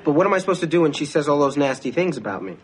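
A young man plays a new father in a sitcom, earnest and bewildered. His voice sits a little high. A steady hiss runs under the track. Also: very fast.

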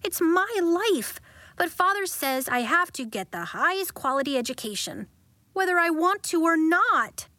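A woman's voice: extremely high pitch, sing-song, moderate pace, sharp tone, no room sound, pitched above the performer's own voice, full character voice. A woman voicing a young schoolgirl who mumbles glumly in a storybook reading. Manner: mumbling, downcast. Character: young schoolgirl, glum and reluctant.

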